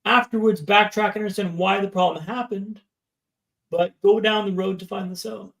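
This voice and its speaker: Speaking at normal speed in a high, steady, slightly bright voice with vocal fry, a man in his thirties guests on a podcast. He narrates his story in a vivid, dramatic way, checking in with "right?" often, and the room echoes.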